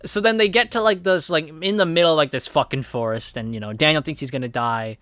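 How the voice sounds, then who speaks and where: A young man casually reviewing a TV episode, rambling excitedly with constant swearing and fillers. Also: on the high side, quick pace, no echo.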